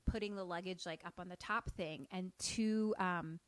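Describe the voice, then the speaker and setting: A woman's voice: fairly low pitch, moderate pace, clean tone, no echo. A woman co-hosting a podcast, animatedly retelling a horror movie in casual chat, full of "like" fillers. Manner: animated storyteller, frequent "like" fillers. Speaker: podcast co-host.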